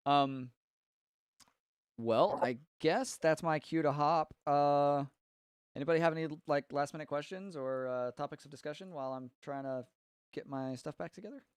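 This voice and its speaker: A man's voice: a little high, normal speed, smooth, no echo. A man from Tennessee, hosting a casual live stream about mixing and rambling loosely while he fixes his setup. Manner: rambling, distracted while fixing his setup, frequent fillers.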